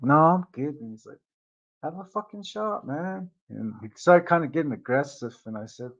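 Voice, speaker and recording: A man's voice: medium pitch, fairly bright tone, highs cut off. A man telling a rambling personal story on his channel, swearing freely and leaning on fillers. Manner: rambling, profane, lots of fillers. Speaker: vlogger. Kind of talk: casual storytelling.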